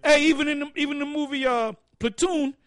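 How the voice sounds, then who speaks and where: A man's voice: extremely high pitch, fairly quick, no room sound, clean studio sound. A man leading an open forum, telling stories full of profanity and acting out other people's lines. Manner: profane, animated storyteller acting out quotes. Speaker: forum speaker. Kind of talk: casual open-forum talk.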